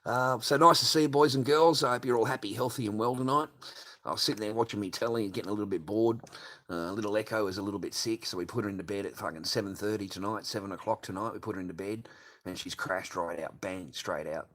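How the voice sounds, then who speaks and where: A man's voice: lowish voice, quick pace, fairly bright tone. An older man hosting a late-night livestream, ranting crudely and swearing constantly. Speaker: livestream host.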